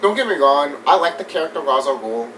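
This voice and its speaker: A man giving a casual, animated movie review rant. He swears often, laughs a lot and mimics scenes as he talks. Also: a little high, fairly quick. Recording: distant mic with faint background noise.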